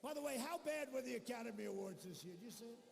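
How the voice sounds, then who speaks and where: A man's voice: very high-pitched, lively intonation, quick pace, gravelly. Man, rally speech, boastful, rambling, mocking, long hall reverb, faint crowd noise. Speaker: political speaker at a campaign rally. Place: large arena rally. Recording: echoey arena hall with faint crowd ambience.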